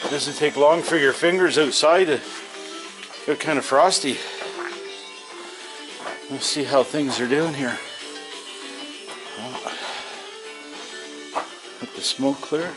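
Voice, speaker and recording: A man's voice: on the high side, slow pace, long pauses, over music, low-quality recording. A man with a Canadian Ontario accent talking viewers through chores and cooking in his garage and frosty yard on a rural farm, in a folksy, chatty way. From Northern Ontario, Canada. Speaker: homesteading vlogger. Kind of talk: casual narration while working.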